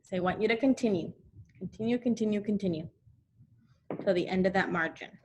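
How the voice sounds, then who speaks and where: A woman teaching a recorded phonics lesson to second graders, repeating letter sounds slowly so the children can echo her, with frequent encouraging check-ins. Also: medium pitch, a little mellow, highs cut off, a little hiss or hum. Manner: encouraging, checks in often with "okay?".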